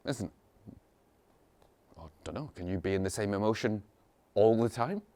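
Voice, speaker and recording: A man teaching meditation in a casual, rambling way, repeating phrases, chuckling often and mimicking people in sudden high voices. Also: moderate pace, dark tone. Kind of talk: informal spiritual talk.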